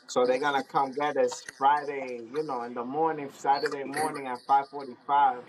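A man's voice: mid-range voice, moderate pace, noisy background. A man telling a story in a slangy, streetwise way, acting out the quotes. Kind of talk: animated storytelling.

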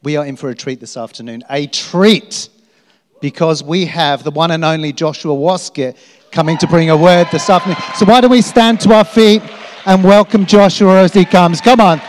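A man's voice: on the high side, moderate pace, a little hiss or hum. A man making upbeat church announcements and asking the congregation questions. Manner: upbeat, enthusiastic, asks the crowd questions. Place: large church hall. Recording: long hall reverb.

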